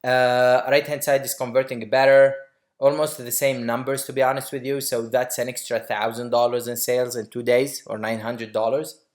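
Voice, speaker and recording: A man teaching online marketing in a casual screen-share tutorial, explaining quickly and loosely with many fillers and restarts. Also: mid-range voice, flat delivery.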